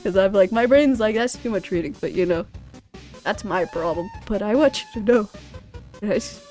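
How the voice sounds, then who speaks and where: A young woman vlogging off the cuff, rambling with frequent laughter, loud outbursts and swearing. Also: mid-range voice, normal speed, faint music behind. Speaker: youtuber. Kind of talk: unscripted ranking vlog.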